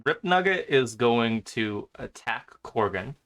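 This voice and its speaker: A man running an online tabletop game as game master, thinking aloud about the rules in a relaxed way. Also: medium pitch, takes it slowly.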